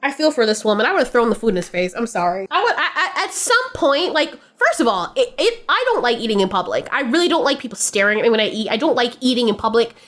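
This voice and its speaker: High-voiced woman doing reaction commentary, super animated, swearing and laughing a lot. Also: quick pace, hardly any pauses. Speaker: reaction video host.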